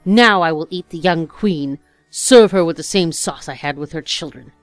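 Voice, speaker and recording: A woman's voice: low-pitched, animated, measured pace, dry recording, faint music behind. Woman reading as a commanding ogress queen. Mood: greedy. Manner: cold, imperious commands. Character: wicked old ogress queen, cruel and commanding.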